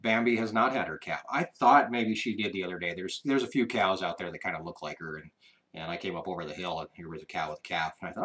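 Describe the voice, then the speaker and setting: A man's voice: low voice, fast talker. A man co-hosting a live ranch chat show, talking casually and rambling with fillers. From Wyoming. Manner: rambling, relaxed, trails off with fillers.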